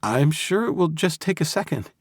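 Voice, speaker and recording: A man's voice: fairly high pitch, lively intonation, moderate pace, husky, no room sound, studio quality, voice pushed up. A man playing a tense robot technician. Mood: businesslike. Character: nervous male robot technician, middle-aged.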